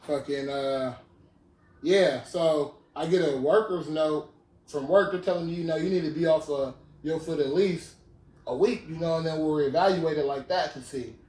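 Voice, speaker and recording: A man's voice: a little high, normal speed, darkish tone. A man in his twenties hosting a podcast, casually retelling a story in slang and often asking "you feel me". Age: 20s. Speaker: podcast host. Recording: roomy, distant mic.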